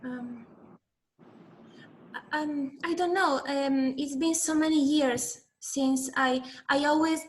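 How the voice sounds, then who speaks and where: A woman's voice: high-pitched, steady tone, takes it slowly, a little hiss or hum. A woman client speaking hesitantly about her past. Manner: hesitant, unsure. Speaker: client in a session.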